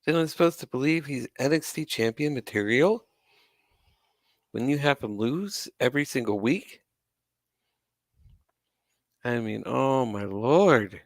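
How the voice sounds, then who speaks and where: A wrestling commentary host with a mid-range voice rants to camera on his own channel, sarcastic and exasperated, dropping the odd swear word. The sound is clean studio audio with no room sound.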